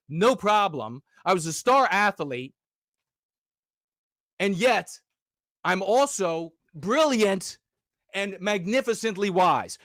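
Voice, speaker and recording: A male livestream host ranting at his audience, combative and profane, sometimes rising to shouts. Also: sits high, no room sound, studio quality. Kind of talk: livestream rant.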